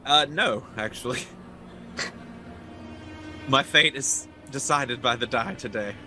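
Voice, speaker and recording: A man plays a tabletop game with a very bright, sharp voice. He talks casually, stops to correct himself, and laughs a lot. A faint hiss runs underneath. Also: medium pitch. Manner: laughing, halting, self-correcting. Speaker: player.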